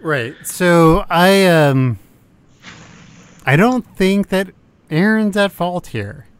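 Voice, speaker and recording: A man's voice: high voice, expressive, drawn-out words, clean tone, dry recording. A man from the American South co-hosting a podcast, rambling casually with frequent laughs and the odd curse. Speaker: podcast co-host. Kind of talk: casual chat.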